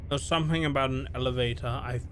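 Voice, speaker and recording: A man's voice: mid-range voice, fairly even intonation, fast, fairly bright tone, a little hiss or hum. A man streaming a game, casually commenting and muttering playfully to himself with silly beeping noises.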